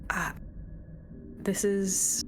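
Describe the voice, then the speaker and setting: A woman's voice: mid-range voice, little pitch movement, very slow, background noise. A woman player speaking in character in a tabletop game, hesitant and questioning. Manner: hesitant, with restarts and confused questions.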